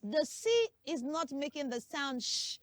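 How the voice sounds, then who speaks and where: High-voiced woman hosting a kids' lesson. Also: measured pace, dry recording, clean studio sound. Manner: lively, sing-song, drills children with call and repeat. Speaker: children's show host. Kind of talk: teaching children's pronunciation lesson.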